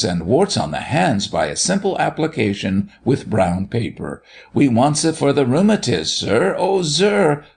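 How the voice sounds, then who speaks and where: A man's voice: lowish voice, gravelly, darkish tone, full character voice. A man voicing a pleading girl. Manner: eager, pleading, tumbling words. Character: poor outport girl, pleading and earnest. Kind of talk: audiobook character voice.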